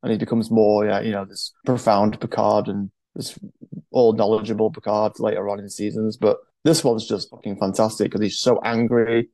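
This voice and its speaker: An enthusiastic man co-hosts a casual show review, laughing and swearing as he talks. His voice is gravelly with a dark, mellow tone. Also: lowish voice, little pitch movement, moderate pace, dry recording. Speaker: podcast co-host.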